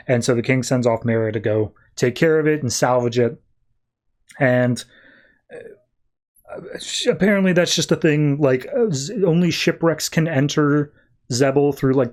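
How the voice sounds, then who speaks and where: A man's voice: mid-range voice, a little mellow. A man hosting a podcast, casually recapping a comic book in a rambling, filler-heavy way. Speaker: podcast host.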